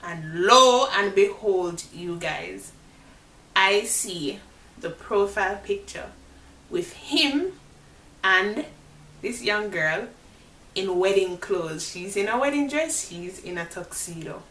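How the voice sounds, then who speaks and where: A woman's voice: mid-range voice, animated, slow pace, fairly bright tone. Woman telling a dramatic storytime vlog. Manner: dramatic retelling, addresses viewers as "guys"; religious, speaks of faith and God. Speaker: vlogger. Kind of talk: storytime vlog, talking to viewers. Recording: roomy echo, distant mic, faint hiss.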